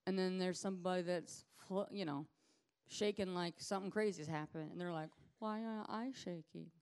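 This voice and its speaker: A woman ministry leader giving an informal teaching sermon in a lively, conversational way, acting out the people she talks about. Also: lowish voice, a little fast, clear, resonant tone. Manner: lively conversational preaching, acts out quoted people.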